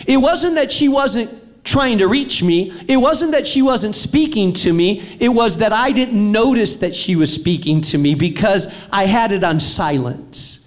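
Middle-aged male pastor, fairly high voice, sermon in a big auditorium, dramatic loud-soft swings. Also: measured pace. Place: large auditorium.

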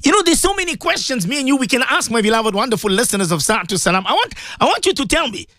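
A middle-aged man, a cleric hosting a radio talk show, speaks to his listeners with emphatic, preacher-like conviction. His pitch leaps and dips constantly. The sound is dry and close, as in a studio booth. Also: quick pace, dry recording. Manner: animated, emphatic preaching, addresses listeners directly. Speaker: Muslim cleric and radio host.

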